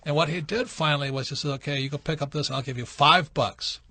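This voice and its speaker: Fast and husky, with a voice that sits a little high, this man hosts a radio call-in show and answers questions with casual tales from his younger days. He becomes animated whenever he performs quoted lines. There's no room sound.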